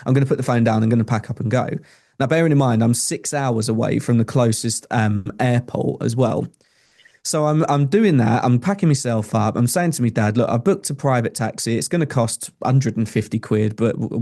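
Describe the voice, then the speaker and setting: A young Englishman with a mellow, medium-pitched voice, appearing as a podcast guest. He tells a personal story earnestly and conversationally, often restarting his sentences.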